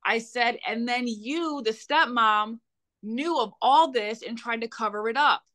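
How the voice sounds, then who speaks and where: A woman's voice: a little high, measured pace, fairly bright tone. A young adult woman, a podcast guest, telling a painful personal story in a blunt, heated way with frequent swearing.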